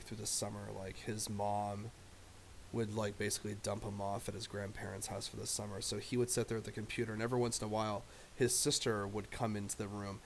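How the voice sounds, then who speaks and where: A man's voice: lowish voice, creaky, slight background noise. Laid-back, swearing male streamer. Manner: loose, profane, rambling. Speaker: live streamer. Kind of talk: casual storytelling chat.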